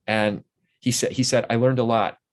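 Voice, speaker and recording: A man's voice: mid-range voice, steady tone, moderate pace. An older man, a guest in a casual interview, telling long, enthusiastic anecdotes full of restarts.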